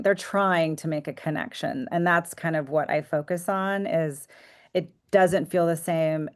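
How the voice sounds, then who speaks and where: Woman, low voice, psychotherapist, reflective, soft-spoken, podcast interview. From United States. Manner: reflective, soft-spoken, drifts into hushed tones. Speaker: psychotherapist guest.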